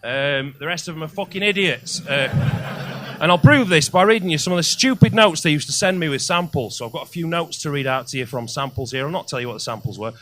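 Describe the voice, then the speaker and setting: A male stand-up comedian telling crude stories, loud and sweary, building to shouts. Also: a little high, animated, quick pace.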